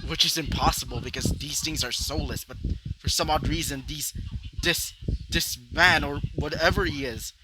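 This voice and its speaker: A man's voice: on the high side, moderate pace. A young man improvising a fan fiction story, rambling with many fillers and side rants. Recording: loud background noise.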